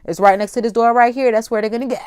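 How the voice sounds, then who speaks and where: A young woman chats away on a livestream, lively and full of slangy asides to her viewers. Her voice sits a little high and comes through smooth and clear. The sound is close and dry, with no room around it. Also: racing, no room sound. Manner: animated, chatty, slangy, addresses viewers directly. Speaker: livestream host. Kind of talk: casual livestream chat.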